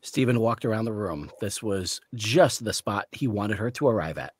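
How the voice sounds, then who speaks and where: A man reading the narration of a novel aloud in a measured storytelling way. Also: lowish voice, animated, slightly rough, no room sound. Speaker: author reading.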